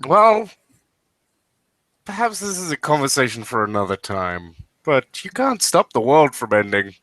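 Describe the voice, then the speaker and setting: A man's voice: mid-range voice, very animated, unhurried, fairly bright tone, dry recording. A man voicing an ancient male wind spirit with an old, crackly voice, speaking in grand, cryptic pronouncements. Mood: wry.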